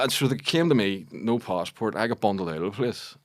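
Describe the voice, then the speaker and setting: A man in his forties with a Belfast accent, a comedian guest on a podcast telling animated stories and acting out quoted voices. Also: fairly low pitch, rapid-fire, few pauses. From Northern Ireland. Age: 40s. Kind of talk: casual podcast chat.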